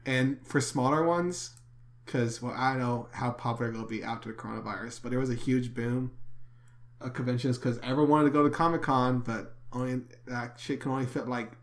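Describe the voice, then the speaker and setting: A young man co-hosting a casual podcast chat, sarcastic and crude, swearing often and breaking into loud laughter. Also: mid-range voice, fairly even intonation, brisk. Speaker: podcast co-host.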